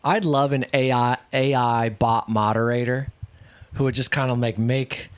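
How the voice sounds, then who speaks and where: A man co-hosting a casual online show, wandering from one thought to the next. His voice sits at an ordinary middle pitch, and he laughs often as he muses. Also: fairly even intonation, a little slow, clean tone. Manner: rambling, musing, laughs often. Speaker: co-host. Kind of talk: casual chat.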